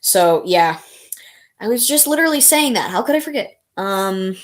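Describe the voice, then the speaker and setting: A woman's voice: medium pitch, moderate pace. A woman streamer chatting casually, rambling and answering her viewers. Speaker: live streamer. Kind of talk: casual live stream chat.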